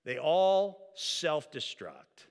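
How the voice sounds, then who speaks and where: Guy preaching a sermon, fairly high voice that swoops a lot, echoey church. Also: drawn-out words. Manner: animated preaching, drops to quiet emphasis. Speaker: pastor. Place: church sanctuary. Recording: long reverb of a church hall.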